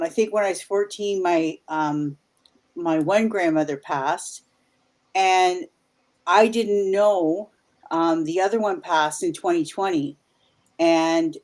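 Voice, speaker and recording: With a mid-range, darkish voice, a Canadian woman in her 50s shares stories as a paranormal investigator guest. Her casual talk wanders, repeatedly restarting and veering into asides.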